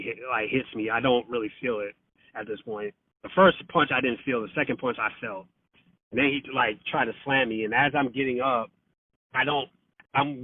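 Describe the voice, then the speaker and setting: A man's voice: medium pitch, no echo. Man telling a story over a tinny phone line. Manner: swears freely, many fillers, acts out quotes. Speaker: podcast guest. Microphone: phone call.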